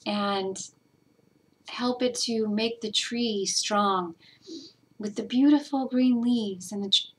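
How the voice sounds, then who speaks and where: Earnest, teary woman vlogger. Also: mid-range voice. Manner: earnest, emotional, rambling with fillers. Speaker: spiritual vlogger. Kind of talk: casual personal talk.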